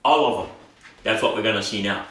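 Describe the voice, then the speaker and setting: A man teaching a language lesson, saying words slowly and repeating them for practice. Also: fairly low pitch, fairly bright tone, a little hiss or hum. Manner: slow, drawn-out word repetition for practice. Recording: very echoey room, somewhat far from the mic.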